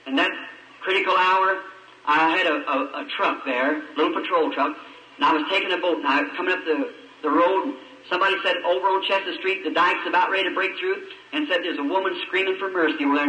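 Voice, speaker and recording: Bright, high-pitched older-era preacher; storytelling sermon, recorded far off in a roomy hall. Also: male voice, brisk. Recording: echoey old radio-style recording from a distance.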